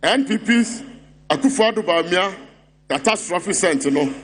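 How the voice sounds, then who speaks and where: Man, Ghanaian English accent, high-pitched, mocking rally speech, repetitive rhetoric. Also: lively intonation, moderate pace, a bit bright. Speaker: political speaker at party congress.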